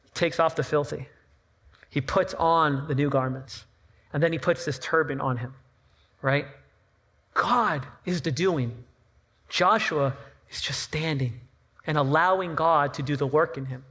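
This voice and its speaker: A man's voice: fairly high pitch, unhurried, long pauses, bright, forceful tone, slightly rough. A man preaching a sermon at a church service, talking conversationally with playful asides and repeated phrases. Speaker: pastor. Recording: long reverb of a large hall.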